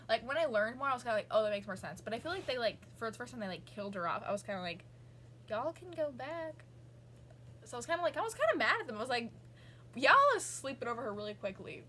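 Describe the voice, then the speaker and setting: A woman's voice: on the high side, pushed and bright, a little hiss or hum. A young woman, rambling casually as a vlogger with lots of fillers and asides. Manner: rambling, gushing, many fillers. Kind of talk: casual chat.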